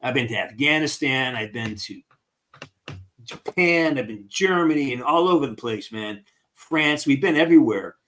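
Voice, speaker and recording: A man's voice: medium pitch, animated, normal speed, sharp tone, slight background noise. A man hosting a casual live-stream Q&A with fans over a video call, upbeat, encouraging and a bit rambling. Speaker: actor hosting a fan Q&A.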